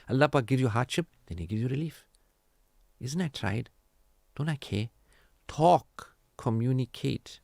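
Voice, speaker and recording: A man hosting a radio marriage counselling talk, animated and preachy, acting out quoted family dialogue. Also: mid-range voice, vocal fry, no room sound, clean studio sound. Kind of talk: casual radio advice talk.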